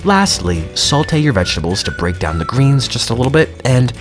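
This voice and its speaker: A man's voice: medium pitch, very animated, moderate pace, roomy sound, music in the background. A man casually talking through a recipe as a home cooking vlogger, chatty and given to dramatic exclamations. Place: home kitchen.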